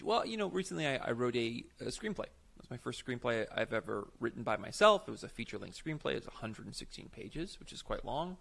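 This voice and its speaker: A man's voice: medium pitch, very animated, fairly quick, vocal fry, few pauses, a bit bright. A man co-hosting a podcast, explaining improv technique in casual, emphatic chat. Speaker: podcast co-host, improv teacher.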